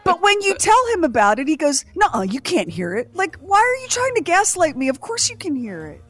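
A woman's voice: extremely high pitch, sing-song, brisk, a bit bright, faint music behind. A woman co-hosting a morning radio show from a studio mic, teasing her co-host in mock indignation. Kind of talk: casual radio banter. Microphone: studio microphone.

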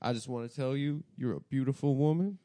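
A man's voice: medium pitch, a little fast, warm tone, no room sound. A man telling a self-deprecating street anecdote in a casual podcast chat. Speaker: podcast co-host. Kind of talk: casual storytelling.

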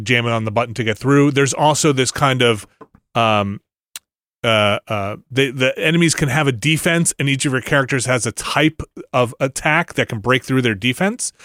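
A middle-aged man rambling through a casual podcast chat, full of restarts and filler words. His voice sits at a middle pitch and is recorded dry and close, with no room sound. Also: fairly bright tone, dry recording. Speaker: podcast co-host. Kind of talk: casual chat about video games.

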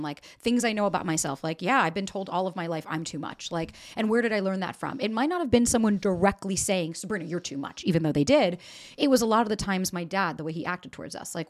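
Candid, swearing woman podcast host. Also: mid-range voice. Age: 40s. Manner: emotional, swears freely, acts out quotes. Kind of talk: candid confessional chat.

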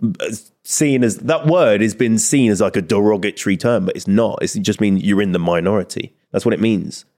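A man's voice: brisk, hardly any pauses. A young man from England co-hosting a podcast, joking and bantering, often laughing. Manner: animated, laughs often, pitch swings widely. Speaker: podcast co-host. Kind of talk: casual banter.

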